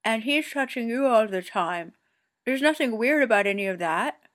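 A woman reading a story aloud and voicing a blunt, dryly teasing teenage boy who asks flat, matter-of-fact questions. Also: mid-range voice, a little slow. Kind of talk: amateur audiobook reading.

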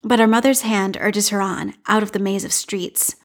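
A woman reading a fan story aloud in a measured, expressive narration. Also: mid-range voice. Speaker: podfic reader.

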